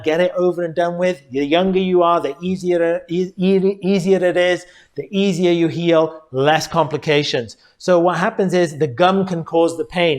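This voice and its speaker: A middle-aged male dentist giving an earnest educational talk, speaking directly to viewers and calling them folks. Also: a little high.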